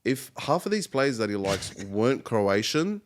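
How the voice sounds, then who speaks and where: A man's voice: mid-range voice, sing-song, moderate pace. A man co-hosting a football podcast, earnestly explaining his points at length, tired after a long day at work. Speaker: podcast co-host. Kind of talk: casual football discussion.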